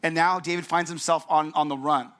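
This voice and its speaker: Male pastor, casual joking sermon delivery, somewhat high and forceful. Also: fairly even intonation, brisk, clean tone. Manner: joking and conversational, acts out characters' lines.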